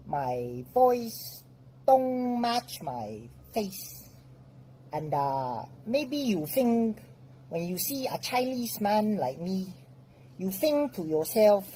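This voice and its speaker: Slow, mellow Jamaican-accented man. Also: sits high, slight background noise, low-quality recording. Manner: slow, relaxed, patois-flavored English. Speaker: video creator in a played clip. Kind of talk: talking to camera.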